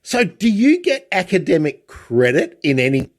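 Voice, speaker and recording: A man's voice: sits high, wildly swooping pitch, normal speed. A man, hosting a podcast and asking questions in a chatty, wandering way. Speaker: podcast host. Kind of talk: casual interview.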